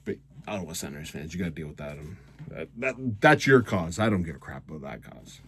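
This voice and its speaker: A man's voice: low-pitched, lively intonation, fast talker, slight background noise. Sarcastic man ranting. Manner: sarcastic, rambling. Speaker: host. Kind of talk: casual hockey recap rant.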